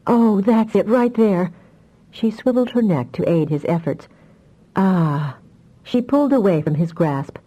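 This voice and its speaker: A woman narrating a fantasy audiobook in a measured, even storytelling manner. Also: low voice, highs cut off.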